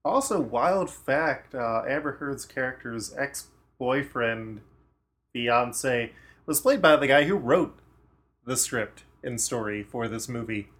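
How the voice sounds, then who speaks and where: Man, podcast co-host, casual movie chat, trivia, mid-pitched voice. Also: takes it slowly, a bit bright. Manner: chatty, trivia-sharing, lots of agreeing murmurs.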